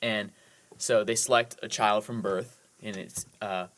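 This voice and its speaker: A podcast co-host with a fairly low, slightly bright voice recaps films on his movie podcast at a measured pace with fairly even intonation. He chats casually and eagerly, rambling enthusiastically with lots of "like"s.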